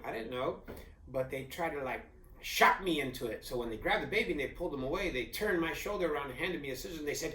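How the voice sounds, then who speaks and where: A man's voice: fairly high pitch, animated, fast talker, bright, forceful tone, distant mic. A young adult man co-hosting a casual chat, telling a story playfully with jokes and acted-out quotes. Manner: playful, joking, acts out quotes. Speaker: co-host. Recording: echoey room, a bit off the mic.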